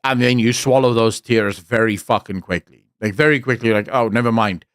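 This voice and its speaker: A man's voice: medium pitch, steady tone, moderate pace, a bit bright, dry recording, clean studio sound. A man with a South African accent, a streamer telling blunt, profane stories in casual chat.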